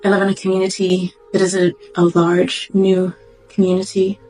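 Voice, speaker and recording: A woman doctor giving a reflective, heartfelt personal testimony, pausing and searching for words as she goes. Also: medium pitch, monotone, dark tone, slightly rough, low-quality recording. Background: faint background music.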